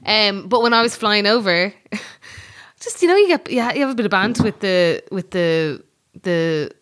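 A woman's voice: medium pitch, animated, unhurried, fairly bright tone. A young Irish woman co-hosting a podcast, bantering and teasing in casual chat. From Ireland. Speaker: podcast co-host.

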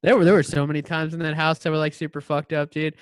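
A young man in relaxed podcast conversation, his voice a touch high and dry. He tells stories loosely, with slang and swearing. There is little room sound. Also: fast, smooth, no room sound. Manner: laid-back storytelling, heavy slang and cursing. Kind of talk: casual chat.

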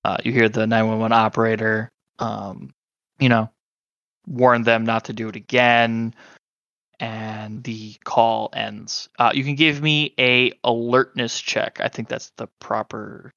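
A man narrating a tabletop game as game master, halting and full of fillers. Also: mid-range voice, flat delivery, gravelly, fairly bright tone, dry recording, dull audio.

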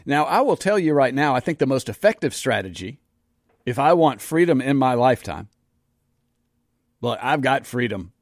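Man, middle-aged, sarcastic, emphatic, mid-pitched, dry studio sound. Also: very animated, normal speed, pauses often, dry recording. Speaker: political commentary host. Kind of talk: opinionated political monologue.

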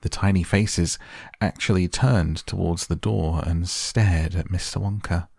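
Male audiobook narrator: slow, deep, gravelly; dry close recording. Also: dry recording. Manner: measured, expressive reading.

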